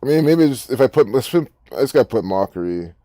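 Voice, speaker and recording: A man's voice: medium pitch, lively intonation, fast, dark tone, no room sound, clean studio sound. A man giving rambling, profane, incredulous commentary while reading social media posts. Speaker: online commentator.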